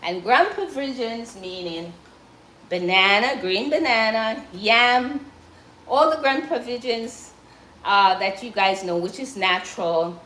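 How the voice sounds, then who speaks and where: A woman's voice: fairly high pitch, lively intonation, takes it slowly, sharp tone, echoey room, a little hiss or hum, poor audio. A Jamaican woman chatting casually and encouragingly to viewers on a live stream while she cooks.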